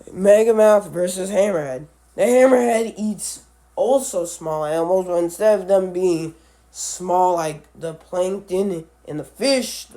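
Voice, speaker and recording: Slow, mellow-voiced man, a bit sick. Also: sits high. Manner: halting, self-correcting, stumbles over names. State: sick, voice a little off. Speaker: animal video creator. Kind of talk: casual book read-along commentary.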